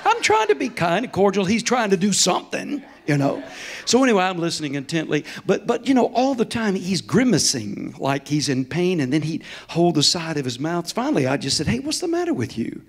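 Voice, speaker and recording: A man's voice: sits high, very animated, brisk. A middle-aged man preaching as a guest in a church, telling stories in a folksy, chuckling way. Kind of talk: storytelling sermon. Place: church sanctuary.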